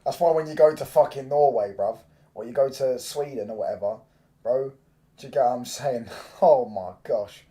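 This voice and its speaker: A young man, chatting casually on a football watchalong stream, swearing freely and breaking into loud reactions to the match. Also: mid-range voice, normal speed. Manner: loose, swearing banter, reacts loudly to the match. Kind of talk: casual live-stream chat.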